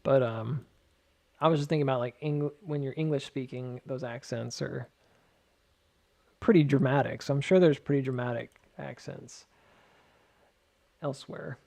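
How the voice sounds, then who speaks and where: A man's voice: mid-range voice, fairly even intonation, normal speed, vocal fry, pauses often, darkish tone, no room sound. A man casually walking through stock charts, rambling with joking asides and lots of filler words. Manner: filler-heavy, many "like"s. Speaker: market charting host.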